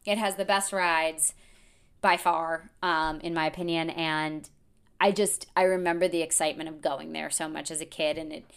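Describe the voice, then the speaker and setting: A woman's voice: low-pitched, fairly even intonation, normal speed, fairly bright tone, clear, resonant tone. A woman in her thirties talking through a casual, enthusiastic podcast monologue, with a lot of filler words. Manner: chatty, enthusiastic, many fillers. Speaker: podcast host.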